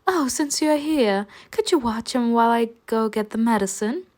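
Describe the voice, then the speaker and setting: A woman's voice: on the high side, expressive, moderate pace, a little mellow, voice pushed up, close to an everyday voice. A woman voicing a cheerful young female dragon keeper in a game story, with a breezy, sing-song way of asking favors.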